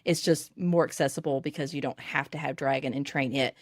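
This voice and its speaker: A woman with a Southern US accent, coaching authors on dictation in an animated podcast interview. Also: rumbling low, brisk, dry recording, studio quality.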